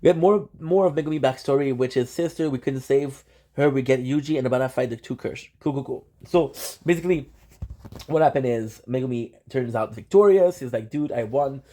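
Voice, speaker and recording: A young man hosting his channel, excitedly recapping an anime in casual slang, with lots of restarts and swearing. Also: medium pitch, brisk. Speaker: channel host.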